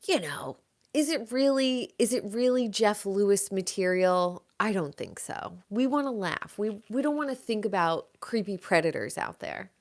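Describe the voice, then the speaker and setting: A woman's voice: mid-range voice, lively intonation, moderate pace. A woman hosting a live show, chatting casually and gossiping about reality TV, swearing now and then. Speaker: host.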